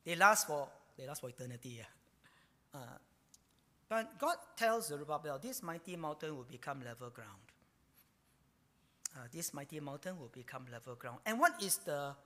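Guy preaching, bouncy up and down voice, says "ah" a lot, long hall echo. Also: a little high. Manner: animated, ends phrases with a drawn-out "ah". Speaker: pastor. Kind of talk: sermon.

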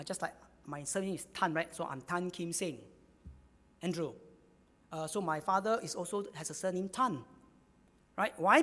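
A man's voice: high-pitched, a bit bright, long reverb tail. A man preaching a sermon, repeating key phrases for emphasis.

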